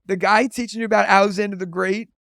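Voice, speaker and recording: A man's voice: high-pitched, steady tone, fast talker, gravelly, fairly bright tone, dry recording, studio quality. A man in his thirties, a teacher and comedian, chatting as a podcast guest and telling stories full of "like" fillers. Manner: chatty storyteller, lots of "like" fillers. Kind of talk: casual interview chat.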